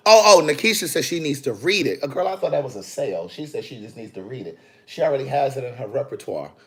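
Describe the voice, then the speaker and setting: A man, an author, chatting on a phone livestream in a sassy, animated way, talking straight to his viewers. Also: medium pitch, quick pace, breathy edge. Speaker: author hosting a live video. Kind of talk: casual livestream chat. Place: in the city after a book event.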